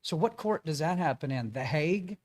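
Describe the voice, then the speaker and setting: A man's voice: a little high, moderate pace. A man telling a story as a guest in a casual interview, acting out the quotes of the people in it. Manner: animated storyteller, acts out quotes.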